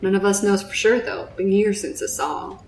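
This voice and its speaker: A woman voicing a chatty village barkeep in an odd put-on accent, quick and offhand. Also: medium pitch, a little hiss or hum, natural voice. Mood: gossipy. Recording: roomy echo.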